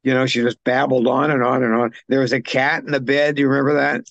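A man's voice: medium pitch, level tone, fast talker, creaky, fairly bright tone, no room sound, highs cut off. A man co-hosting a podcast, recapping a film's plot in a casual, rambling way with many fillers. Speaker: podcast co-host. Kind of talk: casual film discussion.

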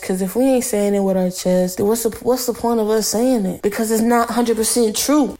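A woman's voice: a little high, fairly quick, hardly any pauses, warm tone. A woman hosting her own podcast, talking casually and candidly in a blunt, slangy, chatty way. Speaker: podcast host. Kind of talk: casual solo podcast monologue.

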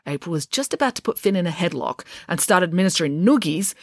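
A woman reading a children's story aloud with a wry, expressive delivery. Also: fairly low pitch, fast talker, dry recording, studio quality. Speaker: narrator.

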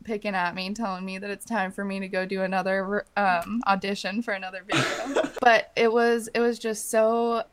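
A woman's voice: medium pitch, little pitch movement, normal speed, hardly any pauses, a crowd in the background. A young woman co-hosting a podcast in casual, gushing chat, with lots of fillers. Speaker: podcast co-host.

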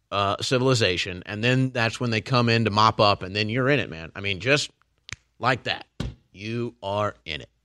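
A man's voice: mid-range voice, moderate pace, pushed and bright, dry recording. A man hosting a political commentary show, delivering a heated, ranting monologue straight to his audience. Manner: heated, ranting, addresses listeners as folks and man.

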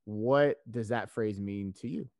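A man hosting a podcast in a relaxed, chatty way, laughing often as he tells stories. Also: lowish voice, unhurried, no room sound, clean studio sound. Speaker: podcast host. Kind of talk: casual chat.

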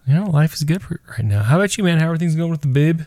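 A man's voice: on the high side, animated, racing, dark tone, no echo. A man in his thirties co-hosting a casual podcast chat, rambling through family stories and laughing as he tells them. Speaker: podcast co-host.

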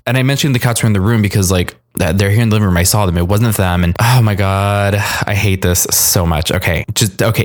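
A man hosting a horror podcast, talking casually alone in his apartment living room, rambling and animated with restarts and swearing. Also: on the low side. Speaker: podcast host.

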